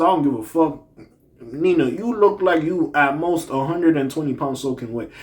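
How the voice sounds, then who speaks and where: A man hosting a commentary channel, giving blunt, profane opinions in a casual rant that swings between muttering and loud outbursts. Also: mid-range voice. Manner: blunt, profane, animated ranting with swings in loudness.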